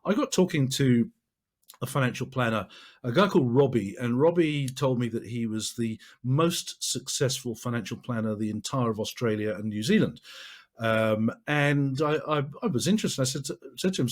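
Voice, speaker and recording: A man's voice: medium pitch, fairly quick. A man giving a marketing training talk, emphatic and repeating phrases for stress.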